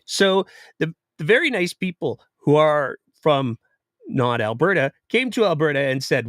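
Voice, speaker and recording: A man's voice: fairly high pitch, moderate pace, no echo, clean studio sound. Sarcastic man hosting a politics show. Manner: sarcastic, animated. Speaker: political podcast host. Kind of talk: live political commentary.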